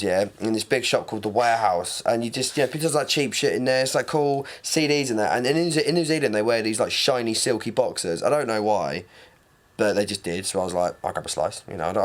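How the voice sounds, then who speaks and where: Guy in his 30s, podcast co-host, meandering storyteller who slips into goofy impressions. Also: fairly low pitch. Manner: rambling, tells stories with silly voiced impressions. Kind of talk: casual chat.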